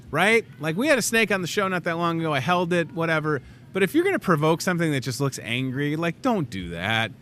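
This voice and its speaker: A man's voice: on the high side, a little fast, a little hiss or hum. A man in his thirties hosting a live in-store talk show, joking and rambling through asides. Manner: animated, jokey, rambling asides. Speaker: host. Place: grocery store set.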